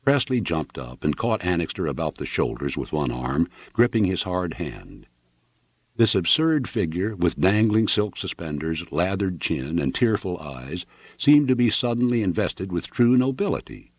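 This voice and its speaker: A man narrates a novel with a deep, husky voice and a lively, swinging delivery. He tells the story dramatically, and the recording is close and dry. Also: normal speed, dry recording. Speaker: audiobook reader.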